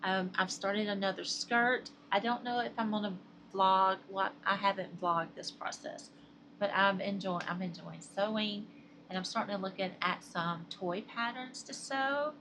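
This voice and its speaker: Talking a little slowly in a medium-pitched, pushed and bright voice, a middle-aged woman from the Southern US rambles to the viewers of her crochet vlog. Her Southern accent and frequent laughter come through over slight background noise.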